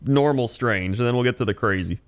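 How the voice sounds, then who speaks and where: A man's voice: mid-range voice, fairly quick, clean tone. A man co-hosting a podcast, reacting with laid-back, wry comments in casual chat. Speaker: podcast co-host.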